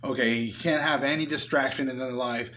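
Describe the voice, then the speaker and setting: A man's voice: mid-range voice, steady tone, a little fast, pushed and bright. A young man casually recapping a movie in a chatty way, often acting out what the characters say. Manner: chatty, acts out the characters' lines. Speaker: movie reviewer.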